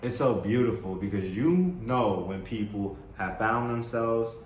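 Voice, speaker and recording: A man's voice: fairly low pitch, measured pace. A man hosting a spiritual self-help talk, speaking with enthusiasm, repeating words and laughing often. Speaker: host. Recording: roomy echo with faint background noise.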